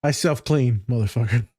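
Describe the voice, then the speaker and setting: A man co-hosting a podcast in casual, excitable chat, swearing and laughing often. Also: medium pitch, normal speed, dry recording, studio quality. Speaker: podcast co-host.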